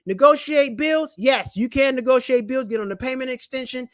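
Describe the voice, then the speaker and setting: A man hosting a casual money-saving vlog, loud, animated and slangy, joking his way through a list of tips while seated at home. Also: very high-pitched, moderate pace, dry recording, clean studio sound. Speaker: channel host and comedian. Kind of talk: casual personal finance vlog rant. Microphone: camera mic.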